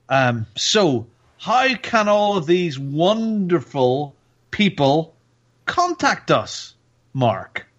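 A man hosting a casual gaming podcast, chatty and quick to laugh. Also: a little high, fairly bright tone. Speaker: podcast host. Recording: slightly dull lo-fi sound.

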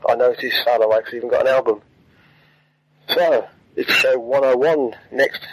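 A man's voice: mid-range voice, moderate pace, poor audio. A man reading out a friendly listener message about games.

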